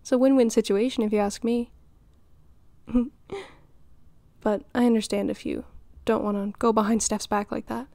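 A woman voicing a doting, flirty middle-aged mother in an audio role-play, nurturing and teasing with giggles and flustered pauses. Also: a little high, little pitch movement, vocal fry, mellow, no echo.

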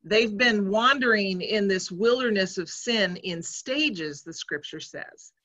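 Slow, measured woman preaching a sermon. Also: medium pitch, sharp tone. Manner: measured, reflective storytelling. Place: church.

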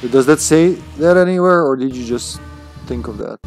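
A man's voice: medium pitch, normal speed, creaky, a little mellow, faint music behind, rough recording. A man casually commenting while he plays a video game live, thinking aloud and greeting his viewers.

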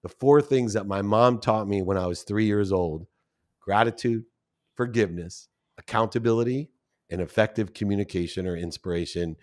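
A man's voice: fairly low pitch, normal speed, a little mellow. A man in his fifties, a podcast guest, telling a personal story with feeling and acting out the people he quotes. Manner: emotional, acts out quoted voices.

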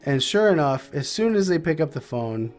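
A man's voice: on the high side, sing-song, moderate pace, darkish tone. A young man with a somewhat raised voice tells a story in a loose, rambling way while he plays a game. He slips into other people's voices as he quotes them, with faint music underneath. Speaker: podcast host playing a game. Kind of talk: casual storytelling while gaming.

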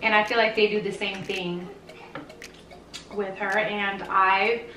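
A woman's voice: mid-range voice, little pitch movement, slow pace, sharp tone, distant mic, a little hiss or hum. A woman, a mother and vlogger, chatting casually and playfully with her young daughter, saying "like" a lot. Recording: roomy sound from off the mic, music playing.

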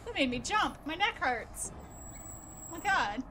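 A woman commenting as she plays a horror game, jumpy and talking to the screen, with bursts of nervous laughter and shouting. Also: high voice, big pitch swings, a little slow, pauses often, a little hiss or hum. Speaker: gameplay commentator. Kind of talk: let's play commentary.

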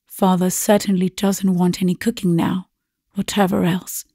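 A woman's voice: lowish voice, level tone, normal speed, warm tone, no echo, clean studio sound. A woman voicing a timid, vague spinster sister. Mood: meek. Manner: meek and hesitant.

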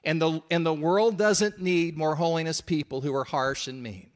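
A man's voice: fairly high pitch, steady tone, moderate pace. A man preaching a sermon in an earnest, conversational, emphatic way.

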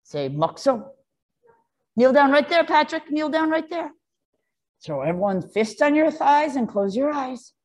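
This karate teacher has a high, sing-song voice and speaks a bit slowly as she guides the children. Counting and directing them in Japanese, she balances encouragement with gentle firmness.

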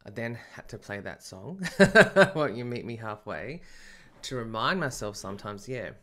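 A man's voice: on the low side, fairly bright tone. A man telling a personal story in a casual, chatty podcast monologue, often breaking into laughter. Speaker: medium and podcast host.

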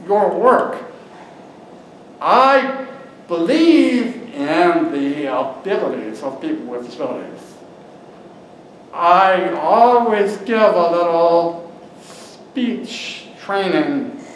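A man giving a conference speech in a slow, earnest, emphatic way. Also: sits high, fairly bright tone. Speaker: keynote speaker. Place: large conference room. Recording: very echoey room, some noise.

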